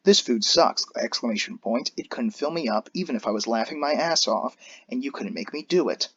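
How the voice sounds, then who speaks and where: A man's voice: medium pitch, animated, a little fast, a bit bright, slightly rough, dry recording, lo-fi sound. A man voicing a drunk, rowdy young biker who slurs and picks fights, read from a fan story. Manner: slurred, belligerent.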